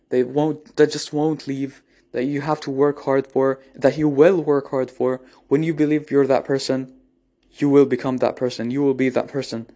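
This motivational speaker has a warm, medium-pitched voice. Speaking off the cuff, he comes across as blunt and sincere, tossing in casual curses while often circling back and repeating himself.

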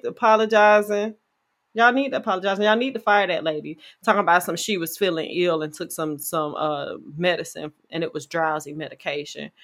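A woman co-hosting a casual podcast, telling stories in an animated, slangy way and talking to her listeners. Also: mid-range voice. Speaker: podcast co-host. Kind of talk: casual chat, storytelling.

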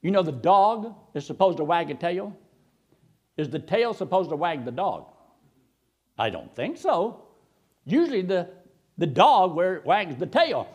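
Animated preacher man. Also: high-pitched, unhurried, pauses often, slightly rough. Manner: animated, swooping preacher cadence with sudden loud rises. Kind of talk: sermon.

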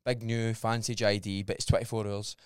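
A Scottish man hosting a casual podcast, telling stories in an animated way and swearing freely. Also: on the low side, brisk, clear, resonant tone, no room sound, studio quality. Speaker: podcast host.

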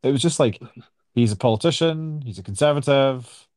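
Dry, wry Scottish man, mellow voice. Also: mid-range voice, animated, moderate pace, no echo. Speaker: podcast co-host. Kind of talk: casual chat.

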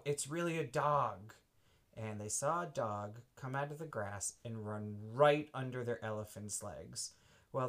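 Man telling a made-up bedtime story, slow, gentle, unhurried pauses. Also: medium pitch. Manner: slow, gentle, makes it up as he goes.

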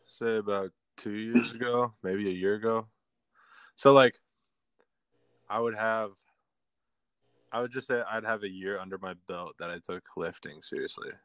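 A man's voice: lowish voice, normal speed, long pauses, fairly bright tone, no echo. A young man co-hosting a podcast in casual chat, telling stories in a laid-back way full of fillers. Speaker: podcast co-host.

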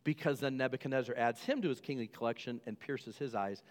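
A man preaching a sermon to his church, telling a story with lively asides and questions aimed at the congregation. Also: mid-range voice, fast, in a large hall. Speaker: pastor.

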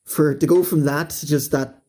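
Mellow-voiced man chatting. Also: fairly high pitch, steady tone, moderate pace. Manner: candid, swears freely. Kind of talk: casual film discussion.

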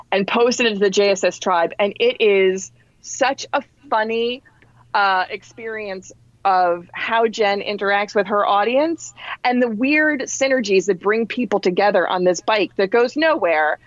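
A woman in her forties from New Jersey tells a story as a podcast guest, with lively, chatty pacing. She shifts her pitch up to act out the people she quotes. The audio is dull and dry, like a lo-fi podcast recording. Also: a little slow, dry recording. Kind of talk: casual storytelling anecdote.

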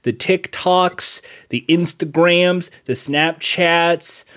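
A man's voice: fairly high pitch, drawn-out words, a bit bright. A man hosting a casual comedy podcast, putting questions to his co-hosts in a mock-formal way. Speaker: podcast host.

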